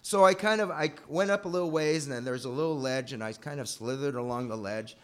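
A man telling a personal story aloud in an animated, breathless way. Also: mid-range voice, brisk, clean tone. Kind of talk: personal anecdote told aloud.

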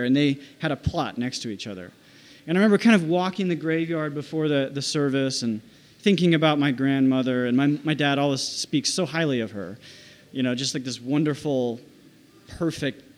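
A man telling a personal story in a halting, reflective way, with many restarts and "like"s. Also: medium pitch.

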